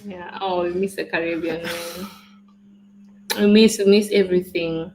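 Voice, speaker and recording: A woman's voice: on the low side, fairly even intonation, a little slow, a little mellow, slight background noise, low-quality recording. Teasing woman in casual chat. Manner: teasing, playful. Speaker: co-host, vlogger's wife.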